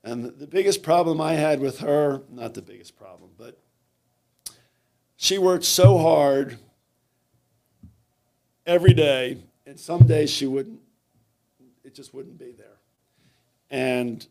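Gravelly-voiced male coach telling stories. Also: a little high, darkish tone. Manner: halting, repeats words, acts out quoted lines. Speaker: swim coach. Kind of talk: conversational interview storytelling.

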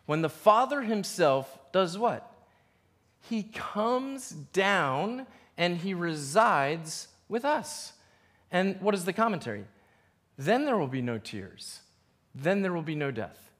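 A man preaching a sermon as a pastor, animated and playful, acting out quoted voices. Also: high-pitched, slow. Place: church.

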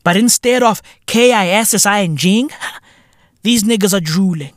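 A man hosting a podcast, delivering a profane, slang-heavy comedic rant that keeps bursting into shouts. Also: high-pitched, normal speed, dry recording, clean studio sound. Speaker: podcast host.

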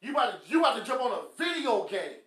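A man's voice: very high-pitched, very animated, fast talker, fairly bright tone. A man, hosting a podcast with a blunt, scolding motivational rant that mocks people with quacking. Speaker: podcast host. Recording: echoey room.

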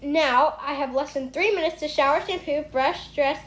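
A woman's voice: high-pitched, moderate pace, a bit bright, slight background noise, poor audio. A young female reader, likely a teen, eagerly reading a funny diary-style book aloud at home.

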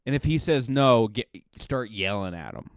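A man's voice: mid-range voice, expressive, normal speed, no echo, studio quality. A male stand-up comedian talking through a casual podcast monologue, chatty and rambling, with plenty of restarts and fillers.

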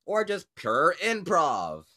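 A man's voice: fairly high pitch, wildly swooping pitch, slow pace, sharp tone, slight background noise. A man hosting a casual, unscripted podcast who jokes around, rambles and laughs often. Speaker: podcast host. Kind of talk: casual improvised podcast chat.

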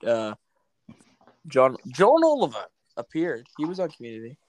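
A man co-hosting a casual comedy chat, quick to riff and joke. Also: medium pitch, huge pitch swings, darkish tone, no room sound. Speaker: podcast co-host, voice impressionist.

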